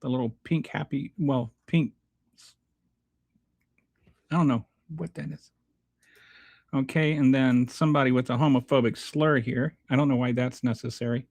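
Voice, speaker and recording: A man's voice: mid-range voice, steady tone, normal speed, gravelly, long pauses, a little mellow, no echo. A male host giving sarcastic, rambling political commentary on a livestream and reading chat. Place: home near a small Texas town.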